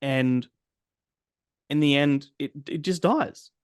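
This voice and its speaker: A man's voice: fairly high pitch, slow pace, smooth, no echo, studio quality. A man co-hosting a casual movie podcast, ranting at length with frequent swearing. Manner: ranting, profane, animated. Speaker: podcast co-host. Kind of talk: casual chat.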